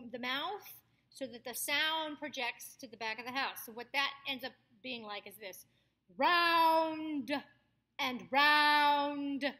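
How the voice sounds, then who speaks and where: A woman voice coach teaching a diction lesson, crisply over-articulating tongue twisters and projecting loudly on the demonstrations. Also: a little high. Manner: projects loudly on demonstrations, speaks softly between them. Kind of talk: voice workshop lesson.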